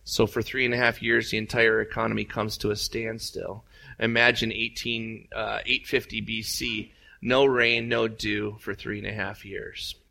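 A pastor giving a sermon, telling a story with lively acted-out voices that leap up in pitch. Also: male voice, normal speed, creaky. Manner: animated storytelling, acts out voices with big jumps up.

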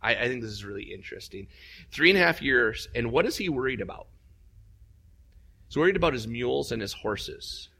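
A pastor giving a sermon, telling a story with lively acted-out voices that leap up in pitch. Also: male voice, brisk, gravelly, breathy edge. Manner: animated storytelling, acts out voices with big jumps up.

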